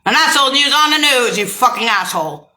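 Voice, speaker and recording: Animated and brisk, this woman addresses the camera in a rambling, profanity-laced tirade full of bitterness, alternating between shouts and low mutters.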